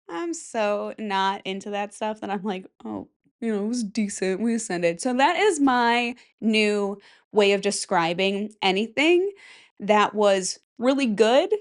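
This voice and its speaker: Chatty young woman rambling casually. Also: mid-range voice. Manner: chatty, giggly, rambling storytelling. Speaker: podcast host. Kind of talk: casual chat.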